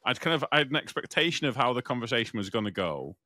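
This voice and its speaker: Animated British man telling a story. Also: mid-range voice, quick pace, dry recording, clean studio sound. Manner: animated, swears freely, acts out other voices. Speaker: podcast co-host. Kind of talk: casual storytelling chat.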